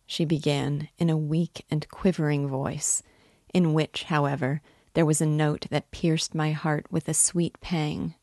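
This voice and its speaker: A woman reads a novel aloud in a measured, unhurried way. Her voice is low and gravelly, and the pace is slow. The recording is close and dry. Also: little pitch movement, a little mellow, no room sound. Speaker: reader and guide.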